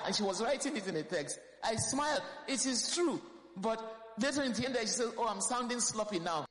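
A woman's voice: on the high side, lively intonation, a little fast. A woman pastor, preaching a sermon fervently and emphatically, repeating key phrases. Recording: roomy hall with long reverb.

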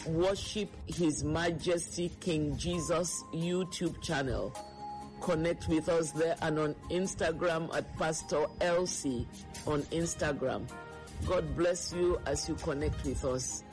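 Slow woman over music. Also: sits low, steady tone. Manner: slow, deliberate, spelling things out. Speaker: pastor closing a radio program. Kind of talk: closing announcements. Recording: music playing underneath.

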